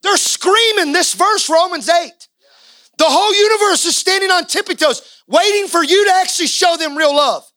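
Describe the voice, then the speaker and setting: A male pastor delivering an impassioned sermon, swinging from quiet talk to shouting. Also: very high-pitched, moderate pace, dry recording, rough recording.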